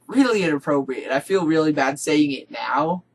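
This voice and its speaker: A man's voice: on the high side, gravelly, low-quality recording. A young man co-hosting, telling a story in a casual, dry, downplaying way. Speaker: co-host.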